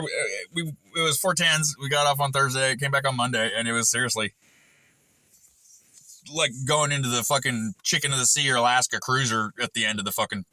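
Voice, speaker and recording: Swearing nonstop, a middle-aged man who vlogs about machining rambles crudely from one tangent to the next. He speaks in a mid-range, sharp-toned voice, recorded with no echo.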